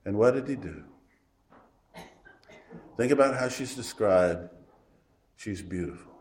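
A man preaching a sermon, his voice sitting at an ordinary middle pitch. He talks in a homespun, emphatic manner and drops from loud declarations to near-hushed asides. The recording carries a roomy echo. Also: lively intonation, measured pace.

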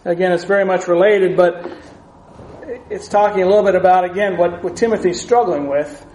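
Male pastor, higher register, earnest and measured; reads scripture mid-sermon, roomy echo. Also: a little mellow, a little hiss or hum. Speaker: preacher.

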